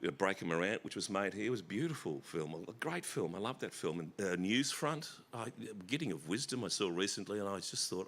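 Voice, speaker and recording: Middle-aged Australian man, deep voice, bright edge, swoops in pitch, stammers and restarts, onstage chat. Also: fairly quick, few pauses. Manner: animated, self-deprecating, stammers and restarts. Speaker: festival guest actor. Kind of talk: onstage conversation. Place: festival stage.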